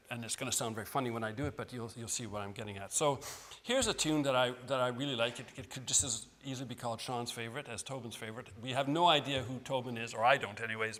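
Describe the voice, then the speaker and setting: A man's voice: mid-range voice, a bit bright. A man giving an informal, friendly music lecture, self-deprecating and often restarting his sentences. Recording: long hall reverb.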